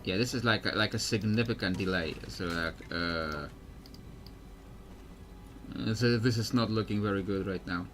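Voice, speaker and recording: A man's voice: fairly low pitch, moderate pace, pauses often, fairly bright tone, slight background noise. A man streaming a game, rambling through casual commentary and laughing often.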